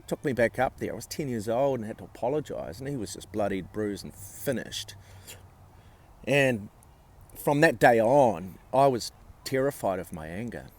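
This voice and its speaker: A man vlogging, telling a personal story in a blunt, sweary way with halting restarts. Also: on the low side, expressive, darkish tone.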